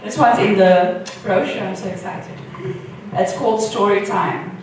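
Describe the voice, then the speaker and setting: A woman poet and filmmaker reading her poems slowly and rhythmically, then answering audience questions. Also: mid-range voice, a little mellow. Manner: slow, measured, rhythmic delivery. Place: event hall. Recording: echoey hall from far off, faint noise.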